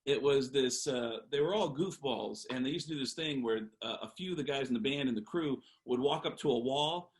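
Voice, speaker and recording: A man, a comedian guest, telling a long, animated anecdote with lots of fillers. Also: medium pitch, fairly quick, hardly any pauses, poor audio. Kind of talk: storytelling on a podcast.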